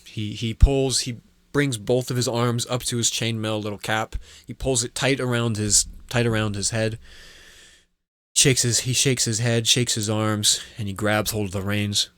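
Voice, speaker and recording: A man's voice: lowish voice, fairly even intonation, moderate pace, a bit bright, dry recording. A man narrating as game master, rambling with restarts and acting out sound effects.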